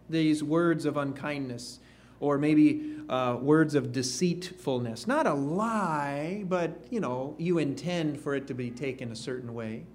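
A man preaching a sermon, slow and emphatic, with rising questions to the congregation. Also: medium pitch, a little mellow, slight background noise.

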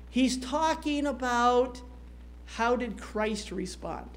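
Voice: mid-range voice, takes it slowly, long pauses. A preacher delivering a sermon, reading scripture in old-fashioned wording and often adding a questioning "right?" to the congregation.

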